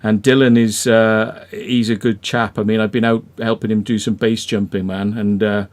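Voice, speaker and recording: A man's voice: lowish voice, flat delivery, moderate pace, darkish tone. A man with a Welsh accent chatting casually as a live-stream host, rambling with lots of fillers and restarts. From Wales.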